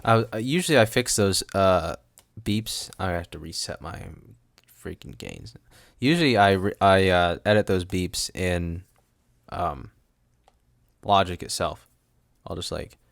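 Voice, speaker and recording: Rambling man with a deep lively voice. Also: a little slow, gravelly, long pauses, dry recording, studio quality. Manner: rambling, laughs often, goofy asides. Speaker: podcast host. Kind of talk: rambling solo podcast chat. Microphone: studio microphone.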